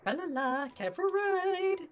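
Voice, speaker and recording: A woman voicing a mysterious boat ferryman who talks in a slow singsong. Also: extremely high pitch, very animated, slight background noise, pitched above the performer's own voice, full character voice.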